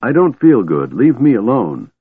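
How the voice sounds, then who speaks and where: A man's voice: mid-range voice, big pitch swings, normal speed, breathy edge, no room sound, pitched above the performer's own voice. A man voicing an evasive, childlike old man who mumbles sullenly, read on a tinny, phone-like recording.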